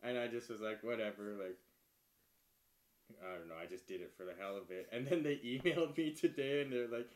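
A man's voice: medium pitch, fairly quick. A man co-hosting a casual podcast, telling a story and laughing often as he goes. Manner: laughs often, animated retelling. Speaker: comedian, podcast co-host. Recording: echoey room.

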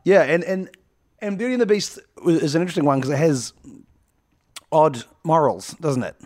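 A man's voice: a little high, expressive, normal speed, a little mellow, no room sound. A man co-hosting a casual comedy podcast, rambling and joking and laughing often. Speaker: podcast co-host.

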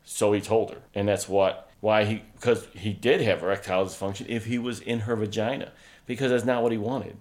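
A low-voiced man in an open, unfiltered conversation. He tells stories bluntly, swears often and voices his own reactions with bursts of emphasis. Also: steady tone, fairly quick. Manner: blunt, profane storyteller, quotes himself loudly. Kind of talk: casual frank chat.

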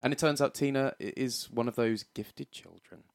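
A man's voice: medium pitch, moderate pace, vocal fry, no echo, studio quality. A man co-hosting a podcast, chatting about a film in a jokey way, laughing often and wandering into tangents. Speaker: podcast co-host. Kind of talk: casual film review chat.

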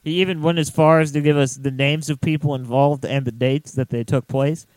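Male podcast host, smooth clear voice, dry close sound, loose and rambling. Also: a little high, steady tone, a little fast, darkish tone, dry recording, rough recording. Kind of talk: casual podcast chat.

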